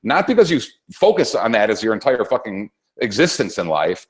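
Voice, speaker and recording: A man on a political talk show, ranting hard and swearing nonstop. His pitch swings up and down a lot as he rambles, restarts and works himself up. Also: sing-song, brisk. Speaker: co-host. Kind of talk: profane political rant.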